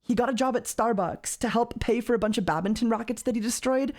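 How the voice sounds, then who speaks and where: A woman's voice: fairly high pitch, fast. A woman co-host chatting casually during a reaction stream, rambling and full of fillers, often incredulous.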